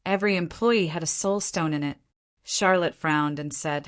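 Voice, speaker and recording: A woman narrating an audiobook in an even, measured reading style. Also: low voice. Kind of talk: scripted narration.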